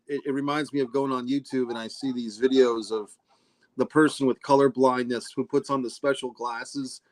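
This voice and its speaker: A man's voice: medium pitch, dry recording. Easygoing male co-host, dry sound. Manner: easygoing, laughs often. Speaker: podcast co-host. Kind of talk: casual podcast chat.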